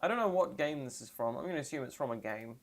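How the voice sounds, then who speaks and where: A trans woman streaming live and reacting to memes, rambling and sarcastic with deadpan asides, and tired. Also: a bass voice, quick pace.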